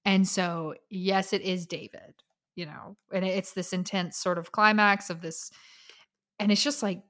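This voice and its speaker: A woman chats on a podcast, retelling a documentary with lively acted-out quotes and easy swearing. Her voice sits in a middle register, neither high nor low. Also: moderate pace. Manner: animated storyteller, acts out quotes, swears casually. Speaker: podcast co-host. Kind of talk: casual chat recapping a documentary.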